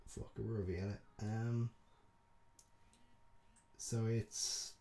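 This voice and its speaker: A young Dublin man co-hosts a podcast, his fairly low voice warm, steady and slow. The chat is loose and rambling, full of swearing and frequent laughter.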